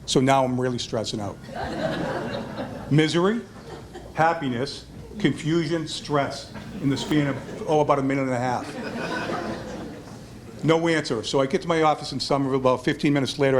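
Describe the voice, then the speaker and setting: A man's voice: mid-range voice, brisk, background noise. Man giving a self-deprecating acceptance speech. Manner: self-deprecating, animated storytelling, acts out quoted voices. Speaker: hall of fame inductee giving a speech. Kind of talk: acceptance speech telling a story. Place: restaurant event hall.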